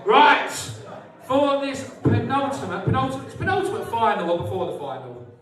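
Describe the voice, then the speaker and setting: High-voiced compere in an echoey club. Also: male voice, sing-song, moderate pace, fairly bright tone. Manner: chatty, sweary, teasing the audience. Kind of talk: live club hosting. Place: social club stage. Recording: echoey club room, mic from far off.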